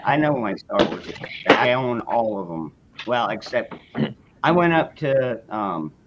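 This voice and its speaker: A man's voice: fairly low pitch, lo-fi sound, noisy background. A man chatting casually on a podcast, blunt and profane, often restarting his sentences. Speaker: host.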